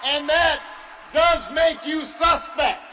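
A man giving a campaign speech to a crowd, measured and emphatic, with drawn-out pauses. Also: very high voice, sharp tone, raised voice, soft background music, low-quality recording.

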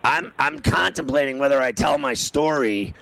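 Gravelly, bright-voiced radio host telling a story. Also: male voice, medium pitch, animated, moderate pace, no echo, rough recording. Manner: rambling, stammering restarts, loud when acting out his own yelling. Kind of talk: casual storytelling on sports radio.

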